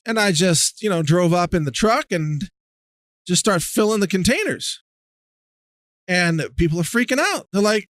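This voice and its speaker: A podcast host delivers a sarcastic, mocking political rant as a monologue. His voice sits high and is fairly bright, with lively intonation and a moderate pace. The recording is dry and studio quality.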